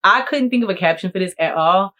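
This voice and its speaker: A woman content creator chatting casually to camera in a playful, jokey, animated way. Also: medium pitch, quick pace. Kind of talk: casual vlog talk to camera.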